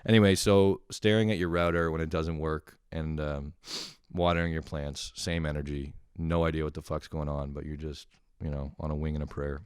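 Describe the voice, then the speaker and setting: Low-voiced man in a rambling comic monologue. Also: level tone, normal speed, smooth, no room sound, clean studio sound. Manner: loose, profane, many "like" fillers. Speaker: comedian.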